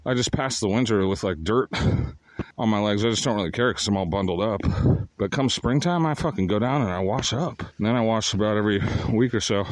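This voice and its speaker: A man's voice: medium pitch, no room sound. A homeless man telling rambling stories in a casual, profane monologue that often wanders and restarts.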